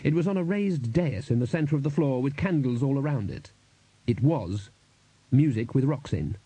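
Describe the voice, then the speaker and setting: A man reads a comic fantasy audiobook, his pitch moving expressively through each sentence. The voice is warm and slightly husky, recorded dry and close. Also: moderate pace, dry recording, poor audio. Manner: lively, expressive reading. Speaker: narrator. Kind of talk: audiobook narration.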